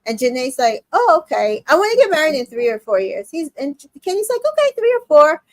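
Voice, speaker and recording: A woman with a high voice chats through a reality show recap. She quotes the cast in quick little voices, and the sound is dry and close to the mic. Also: big pitch swings, dry recording. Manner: retells scenes quoting the cast in quick voices, many fillers. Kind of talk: casual recap chat.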